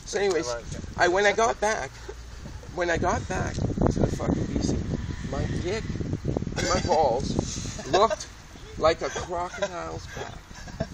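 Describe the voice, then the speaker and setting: A man's voice: high voice, slow pace, long pauses. A man hosting and telling a rambling, profane story in a casual way, often restarting his sentences. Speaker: host. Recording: distant mic, loud outdoor noise. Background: loud outdoor noise.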